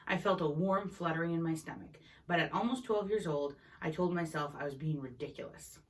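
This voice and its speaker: A woman's voice: low-pitched, a little fast. A woman reading a novel chapter aloud in an unpolished way, with small slips and restarts. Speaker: reader. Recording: voice a bit distant from the mic.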